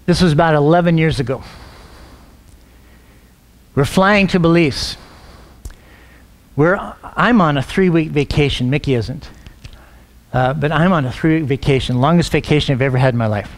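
Middle-aged male pastor with a high voice, storytelling sermon delivery, repeats and restarts words. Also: moderate pace, pauses often. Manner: storytelling, acts out quoted dialogue.

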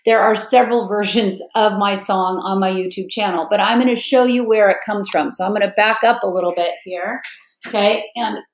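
A woman's voice: mid-range voice, steady tone, fairly quick. Upbeat woman teacher, echoey room. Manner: upbeat, chatty, checks in with "okay?" and "all right?"; sings and chants a memory song with motions. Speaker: biology teacher. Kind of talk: recorded classroom lecture with song.

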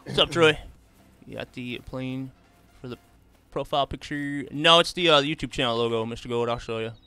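Bright, crisp-voiced laid-back streamer guy. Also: medium pitch, normal speed, no room sound, soft background music. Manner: laid-back, drawls "man" and "bro" often. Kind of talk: casual live gaming commentary, chatting with viewers.

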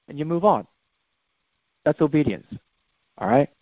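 A middle-aged man with a fairly high, very lively voice gives a casual, preachy life talk as a guest. He keeps checking in with "okay?" and "you know". The recording sounds dull and lo-fi, completely dry. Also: measured pace, creaky, no echo. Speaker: guest speaker.

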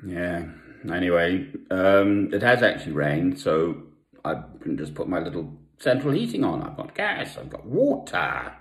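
An older man from South Africa, talking at home in a rambling personal monologue with pauses and asides. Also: sits low, very animated. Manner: meandering, with long pauses and asides. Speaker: Christian vlogger. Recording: echoey room.

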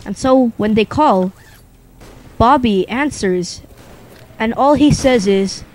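A young man telling a rambling, improvised comic story in a deadpan way, pausing often. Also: very high-pitched, rough recording. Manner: rambling, deadpan, with long pauses.

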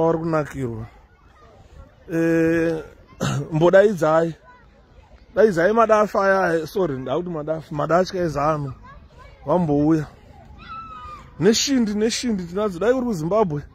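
A man from Zimbabwe, with a fairly high voice that carries a slight husk, talks his viewers through an outdoor city park. He keeps it loose and conversational, drifting between asides, and a handheld phone catches him outdoors. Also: normal speed, pauses often, slightly rough, a faint crowd. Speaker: vlogger. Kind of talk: casual walking commentary.

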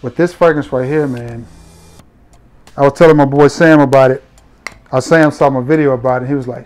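A man's voice: mid-range voice, fairly even intonation, brisk, long pauses, darkish tone, soft background music. A man, chatting playfully and directly to viewers while reviewing his fragrances. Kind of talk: casual review vlog.

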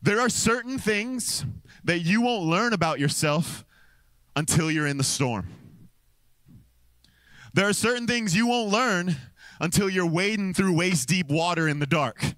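Animated American man preaching a story. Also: sits high, measured pace, long pauses, dry recording. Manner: animated storytelling, acts out quotes, laughs often. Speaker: pastor. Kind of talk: sermon with personal story. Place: church stage. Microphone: stage microphone.

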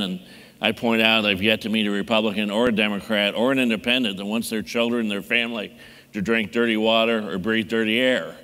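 A man giving a measured, deliberate conference talk as a mayor on a panel. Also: lowish voice, steady tone, bright, forceful tone. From Indiana. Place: large conference hall. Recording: long hall reverb.

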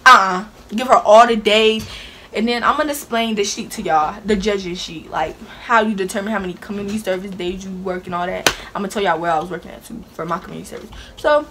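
A young woman telling a storytime vlog in a sassy, animated way, talking with attitude. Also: medium pitch, fast talker, background noise. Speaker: vlogger. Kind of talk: casual storytime.

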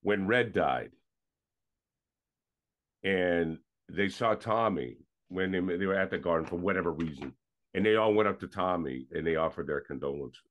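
A man's voice: sits low, moderate pace, fairly bright tone. A man co-hosting a sports podcast in casual, enthusiastic chat that sometimes trails off mid-thought. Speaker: podcast co-host.

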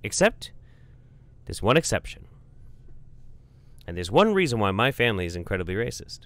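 A man tells a rambling, profane comic story in a casual, offhand way, stopping for plenty of "um"s and "uh"s. His voice is fairly low, with a smooth, clean tone. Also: big pitch swings, normal speed, a bit bright, no room sound.

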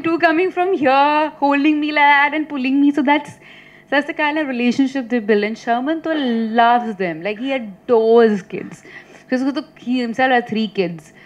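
A woman, a film actress at a press meet, telling lively stories and teasing with many fillers and restarts. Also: high voice, moderate pace, muffled recording. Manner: teasing, laughs often. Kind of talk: chatty press meet answers.

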